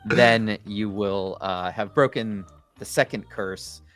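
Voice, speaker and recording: A man's voice: lowish voice, fairly even intonation, slow, fairly bright tone, soft background music. A man co-hosting a livestream, talking casually in a playful, rambling way. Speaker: co-host of a developer livestream.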